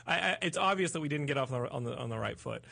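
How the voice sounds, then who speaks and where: A man's voice: a little high, expressive, rapid-fire, creaky, pushed and bright. A man hosting a podcast in casual comedic chat, talking in a pleading, stammering, overly polite way. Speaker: podcast host. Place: studio in Los Angeles.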